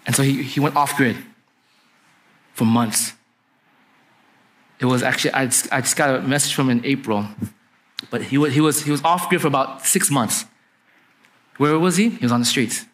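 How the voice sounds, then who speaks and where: Preaching in a storytelling, conversational style, a young adult male pastor frequently checks in with listeners by asking "right?" He talks at a moderate pace with long pauses, in a mid-range voice with a fairly bright tone.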